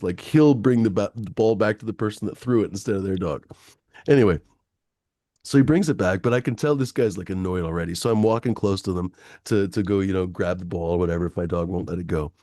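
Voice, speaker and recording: A man's voice: low-pitched, quick pace, no echo, studio quality. A man telling a long personal anecdote in casual chat, swearing freely and full of fillers. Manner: profane, animated anecdote-telling with many fillers.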